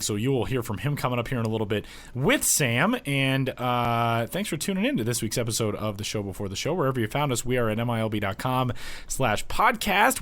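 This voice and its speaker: Hoarse man hosting a podcast. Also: medium pitch, a bit bright. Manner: rambling and self-deprecating, many fillers. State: hoarse from a cold with a cough. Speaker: podcast co-host. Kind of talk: casual podcast chat. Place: home.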